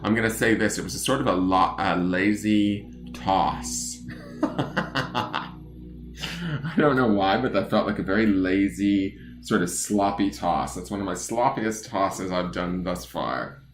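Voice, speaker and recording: A man's voice: deep voice, a little slow, reverberant, music in the background. A man doing a casual charm-reading livestream from his home desk, chatting playfully and greeting viewers by name. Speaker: tarot and charm reader. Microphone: phone or webcam on desk.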